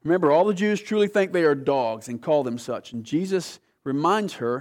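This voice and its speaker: Man, preacher, sermon, animated storytelling, acts out voices, soft dramatic lows, slightly high voice. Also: moderate pace, hardly any pauses.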